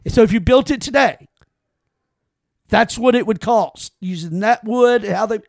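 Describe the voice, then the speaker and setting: A man co-hosting a casual podcast, reading an article aloud in a halting way with restarts and exclamations. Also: high voice, creaky, no echo, clean studio sound. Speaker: podcast co-host.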